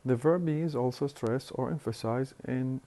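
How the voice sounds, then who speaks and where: A man lecturing on phonetics, explaining slowly and deliberately with hesitant fillers and repeated words. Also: medium pitch, mellow. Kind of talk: recorded university lecture.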